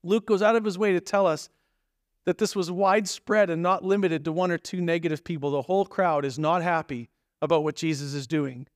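A man delivers a sermon with a notably high-pitched voice. He talks conversationally and emphatically, slipping into acted asides. The sound is dry and close. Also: steady tone, a little fast, dry recording. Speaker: pastor.

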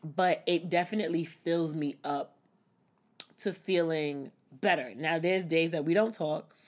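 A woman's voice: low-pitched, measured pace. A woman talking openly and reflectively in a personal vlog, breaking into small laughs now and then. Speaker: vlogger. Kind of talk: candid personal vlog talk.

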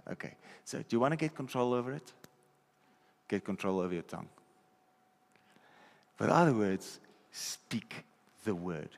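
A man's voice: lowish voice, expressive, normal speed, vocal fry, pauses often. Man preaching in a reverberant hall. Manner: conversational, checks in with listeners often. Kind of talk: sermon. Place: church hall.

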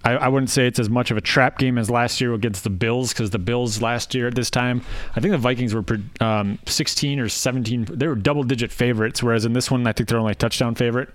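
A man's voice: medium pitch, fairly even intonation, fast, no echo. Dry, teasing man in a football chat. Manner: dry, teasing, sarcastic jokes. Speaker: podcast co-host. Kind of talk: casual sports chat.

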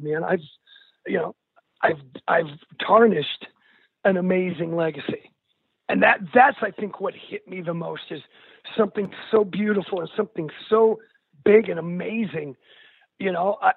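A man's voice: sits high, vocal fry, husky, no echo. An older man, a musician, speaking as an interview guest in an earnest, candid way, calling the host dude and bro. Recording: tinny phone line.

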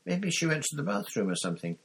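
A man's voice: a little high, big pitch swings, fast, vocal fry, fairly bright tone, pitched above the performer's own voice, exaggerated voice. Guy doing a chill puzzled teen boy, mutters, storybook. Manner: muttering, matter-of-fact. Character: calm, puzzled teenage schoolboy wizard.

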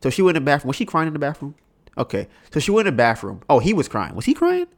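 A man's voice: on the high side, rapid-fire, vocal fry. Guy hosting a podcast, swears a lot, talks in bouncy ups and downs, keeps saying right. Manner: animated, profane storytelling with many rhetorical "right?"s. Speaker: podcast host. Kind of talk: casual chat.

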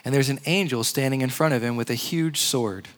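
Male preacher, mid-pitched, casual and chatty sermon delivery. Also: fairly quick. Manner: conversational, animated, uses "like" a lot.

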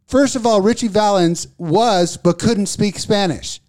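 Mouthy male co-host, profane and ranty, slightly high voice. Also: unhurried, darkish tone. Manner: profane, ranting, laughing. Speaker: podcast co-host. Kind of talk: casual comedic rant.

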